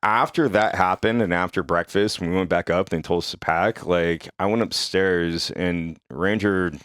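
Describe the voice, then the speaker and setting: A young man hosting a podcast, telling a story in a casual, profane and animated way. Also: deep voice, normal speed, dry recording, clean studio sound. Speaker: podcast host.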